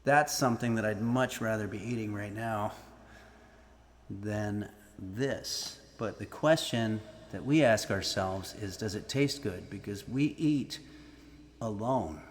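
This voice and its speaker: A man's voice: lowish voice, expressive, takes it slowly. A man hosting a live-stream cooking lesson, chatting casually, frank and self-mocking, swearing now and then.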